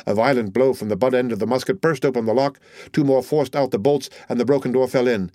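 A male narrator reads a classic novel in a steady, measured voice at a middle pitch. The recording is dry and close, with no room sound. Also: dry recording. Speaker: audiobook narrator. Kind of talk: scripted narration.

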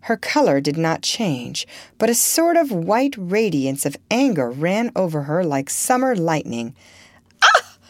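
A woman narrating a classic novel in an audiobook with an expressive, measured reading. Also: fairly low pitch, no room sound. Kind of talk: scripted narration.

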